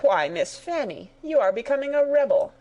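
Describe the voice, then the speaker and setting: Blustering condescending colonel read by a woman, gravelly edge, graded reader story. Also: mid-range voice, animated, a little slow, a little mellow. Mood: patronizing. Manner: indignant, condescending. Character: blustering British colonel, man.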